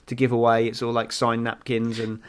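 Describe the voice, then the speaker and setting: A man's voice: mid-range voice, monotone, moderate pace, clear, resonant tone. A man co-hosting a casual motorsport podcast, rambling through results with plenty of ums and restarts. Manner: rambling, runs through standings with many fillers. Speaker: podcast co-host.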